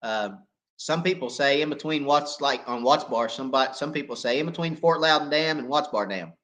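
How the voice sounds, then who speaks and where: A man hosting a live fishing Q&A, hoarse and coughing as he loses his voice, talking in a folksy, chatty way and checking in with viewers. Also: fairly high pitch, fairly quick, a bit bright. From East Tennessee. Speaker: fishing channel host. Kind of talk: live Q&A chat.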